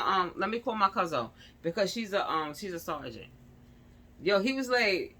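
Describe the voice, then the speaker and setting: A woman's voice: medium pitch, very animated, normal speed, bright, forceful tone. A young woman, ranting and telling a story in casual street slang, acting out the people she quotes. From New York. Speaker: vlogger.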